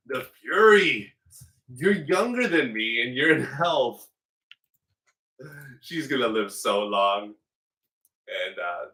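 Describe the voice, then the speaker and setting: A man's voice: on the low side, pushed and bright, far from the mic. A man hosting a strategy game playthrough in casual commentary, slipping into playful mock outrage as his ruler. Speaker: let's play host. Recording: roomy echo, away from the mic.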